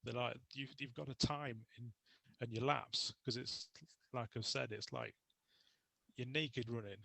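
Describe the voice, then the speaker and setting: A man's voice: mid-range voice, steady tone, measured pace, gravelly, bright, forceful tone. A young man talking as a guest on a casual podcast, spinning anecdotes in a chatty way and laughing easily. His voice sits in an ordinary middle range, and the sound is dry, with no room echo. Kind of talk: casual interview chat.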